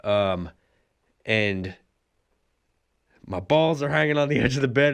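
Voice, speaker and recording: A man's voice: medium pitch, big pitch swings, measured pace, vocal fry, long pauses, clear, resonant tone. A man hosting a solo podcast, telling a rambling, profane comic story and laughing often. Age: adult with a son. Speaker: podcast host.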